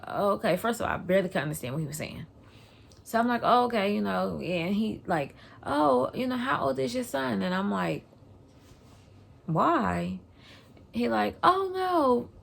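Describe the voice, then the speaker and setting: A woman vlogger, casually telling a personal story in an animated way and getting loud when she relives the scene. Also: on the low side, gravelly.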